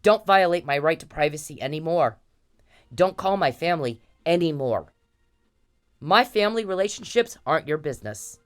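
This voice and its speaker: A woman's voice: sits low, animated, moderate pace. An angry woman speaking straight into the camera, confronting someone she wants out of her life. Her talk is blunt and profane, and she drives her points home by repeating phrases again and again. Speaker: vlogger. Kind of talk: angry direct-to-camera rant.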